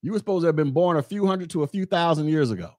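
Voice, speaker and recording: A man's voice: fairly high pitch, expressive, racing, no room sound, clean studio sound. A man hosting a podcast, talking in a blunt, rambling way straight to his listeners. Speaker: podcast host. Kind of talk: casual monologue podcast.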